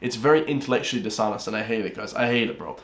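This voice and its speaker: A man's voice: on the low side, racing, a bit bright. An Irish man hosting a reaction video, ranting and calling his viewers guys and bro. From Ireland. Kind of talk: reaction commentary. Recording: roomy echoey room.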